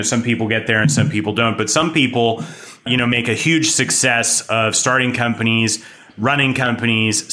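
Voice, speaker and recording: A man hosting a business podcast with an energetic, chatty delivery and frequent laughs. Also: mid-range voice. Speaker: podcast host.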